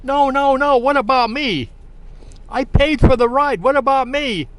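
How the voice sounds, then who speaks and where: An upset, stranded woman in a spoken anecdote, insistent and demanding, her voice climbing higher as she gets worked up, as a man quotes her. It stays a light, everyday put-on in the middle of a casual story. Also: very animated, moderate pace, no room sound. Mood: panicked.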